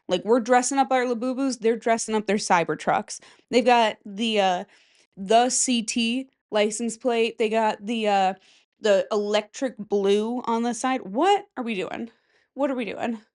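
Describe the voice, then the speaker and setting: A young adult woman hosting a podcast, telling rambling stories in a chatty, giggly way. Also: mid-range voice. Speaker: podcast host. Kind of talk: casual chat.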